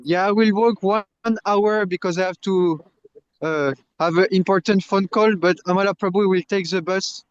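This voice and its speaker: A man's voice: high-pitched, fairly even intonation, normal speed, clean tone, no room sound. A man, a monk who distributes books, telling jokey stories in a casual chat and laughing along. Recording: dull lo-fi sound.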